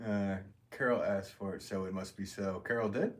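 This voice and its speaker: A man's voice: sits low, moderate pace, noisy background. A man chatting casually while he works during a live stream from his pottery studio, rambling, full of fillers, and laughing often.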